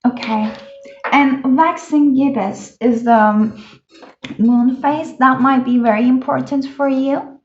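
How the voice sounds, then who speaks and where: Woman doing a tarot reading, kinda high voice, chatty and excited, muffled lo-fi sound. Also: slow. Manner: chatty and enthusiastic, many fillers like "uh" and "like". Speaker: tarot card reader. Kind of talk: casual pick-a-card tarot reading. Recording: echoey room, dull lo-fi sound.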